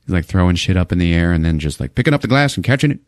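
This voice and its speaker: A man's voice: deep voice, lively intonation, very fast, no room sound, studio quality. A man hosting a podcast, casually recapping a movie with lots of swearing and laughing. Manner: profane, laughing often. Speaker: podcast host.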